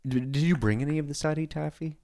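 A man's voice: on the high side, fast, gravelly, warm tone. A man co-hosting a comedy radio show, talking in a playful, quizzical way.

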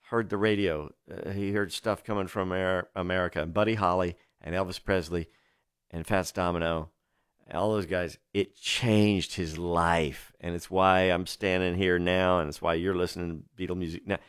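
A low-voiced man DJing a music radio show, chatty and enthusiastic as he tells stories between records. His delivery is loose, with frequent restarts, and the studio mic sound is dry and close. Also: fairly even intonation, normal speed, clean tone, dry recording.

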